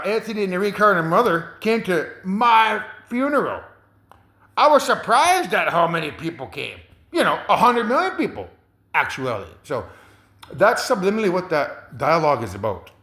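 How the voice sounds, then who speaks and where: Slightly high and sharp-toned, a male commentator rambles on hesitantly, chuckling, repeating himself and leaning on fillers. His voice echoes around the room.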